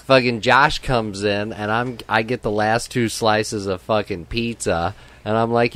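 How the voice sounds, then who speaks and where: A young man hosting a casual podcast among friends. He talks loosely and swears a lot, and he keeps laughing while he tells a story. His pitch sits in the middle for a man. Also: a little slow. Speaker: podcast host.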